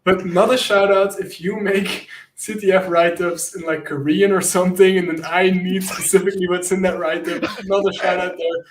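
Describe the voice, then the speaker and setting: An enthusiastic man speaks as a guest in a casual interview, his voice a touch high as he rambles and laughs at his own jokes. He sounds like a hacker talking shop with friends. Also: flat delivery, normal speed, few pauses. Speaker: guest, penetration tester and content creator.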